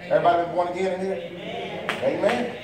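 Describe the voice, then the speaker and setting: A man preaches in a high voice, calling out and drawing responses from his congregation. The sound is distant and echoes heavily around the church, with the crowd audible behind him. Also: fairly even intonation, fast. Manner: call-and-response preaching, rising and falling. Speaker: pastor. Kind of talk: sermon. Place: church sanctuary.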